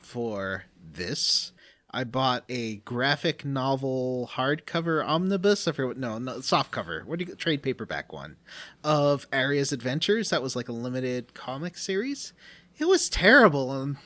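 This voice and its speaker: Man, podcast co-host, jokey, sound-effect goofing, swooping lively pitch. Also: moderate pace. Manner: animated, jokey, makes silly sound effects. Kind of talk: casual podcast chat.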